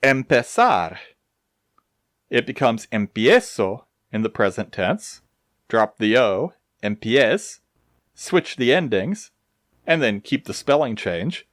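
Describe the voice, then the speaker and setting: A man explaining grammar in a slow, deliberate recorded lesson, with touches of dry humor. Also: mid-range voice, big pitch swings, dry recording. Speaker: Spanish teacher.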